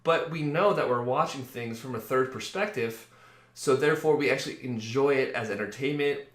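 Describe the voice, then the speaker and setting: A man's voice: mid-range voice, moderate pace, fairly bright tone. A man hosting a casual spiritual talk, rambling and acting out the voices he quotes, with many fillers. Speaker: spiritual video host. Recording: roomy echo.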